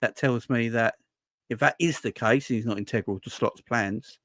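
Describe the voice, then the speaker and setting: A man's voice: medium pitch, normal speed, a bit bright, no echo, studio quality. A man hosting a casual football fan livestream, chatty and joking, often restarting his sentences. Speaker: fan channel host. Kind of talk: casual live stream chat.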